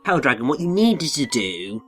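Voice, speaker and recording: A man's voice: fairly high pitch, sing-song, normal speed, a bit bright, faint music behind. A man chatting casually as a game co-commentator, explaining things at rambling length.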